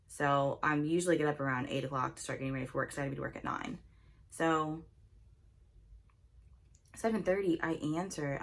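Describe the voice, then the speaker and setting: A young woman with a low, deeper-than-usual voice, chatting through a storytime while she does her makeup. She tells it in a loose, animated way, filled with "like" and acted-out bits of dialogue. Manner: chatty, animated retelling with lots of "like" and quoted dialogue. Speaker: beauty vlogger telling a storytime. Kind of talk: casual storytime chat while doing makeup.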